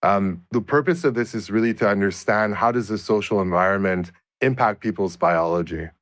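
Man, researcher guest, low voice, dry close sound, measured explanations, restarts often. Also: a bit bright, dry recording. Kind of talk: interview answers.

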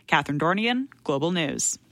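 A woman narrating a news report as reporter, crisp and clear. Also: sits low, expressive, moderate pace, fairly bright tone, no echo.

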